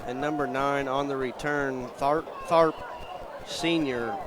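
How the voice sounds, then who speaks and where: A man calling a live high school football game outdoors in a folksy, excitable way and plugging sponsors between plays. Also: slow, a crowd in the background. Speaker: play-by-play commentator and show host. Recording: outdoor stadium noise.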